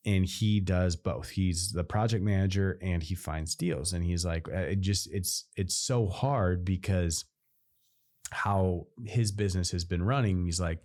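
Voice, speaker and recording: A man's voice: low-pitched, a little slow, a little mellow. A man co-hosting a podcast, chatting casually and rambling about running a business, often restarting his sentences. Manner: rambling, self-interrupting, playful. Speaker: podcast co-host.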